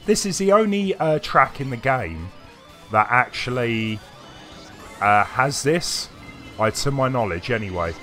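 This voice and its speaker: A gaming streamer with a medium-pitched, bright and forceful voice talks a little slowly through a live game, his pitch swinging widely. He rambles loosely, hesitates often and pauses to answer chat while faint game music plays beneath.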